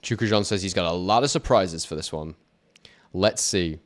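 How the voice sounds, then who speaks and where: Male boxing YouTuber, casual live commentary, chats to his viewers, quick punch-by-punch calls. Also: sits low. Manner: chatty, answers viewer chat, quick play-by-play. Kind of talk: live watch-along commentary.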